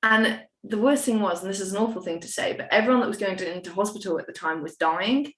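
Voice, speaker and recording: A young woman talks as a podcast guest, candid and rambling, and she pokes fun at herself. She swears now and then in a casual way. Her voice sits at a middling pitch for a woman, and the room gives it a noticeable echo. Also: fast, fairly bright tone. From United Kingdom. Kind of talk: casual storytelling chat. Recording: roomy echo.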